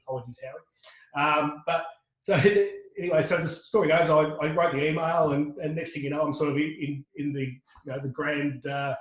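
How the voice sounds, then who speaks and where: A middle-aged Australian man, a podcast guest, tells a lively anecdote full of restarts and quoted dialogue. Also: a little high, moderate pace, echoey room, rough recording. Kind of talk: casual storytelling.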